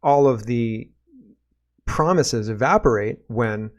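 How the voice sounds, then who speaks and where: A man's voice: medium pitch, takes it slowly, dull audio. A man from Canada hosting his own political commentary show, talking off the cuff in an ordinary mid-range voice. He reads viewer comments and then reacts to them. His tone is sarcastic and exasperated.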